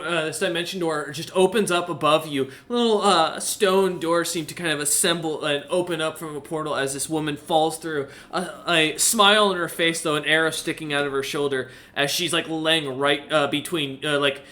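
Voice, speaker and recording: A man narrates a tabletop game as game master, his voice bright and a touch high. He builds the scene in a halting way, leaning on ums and uhs as he goes.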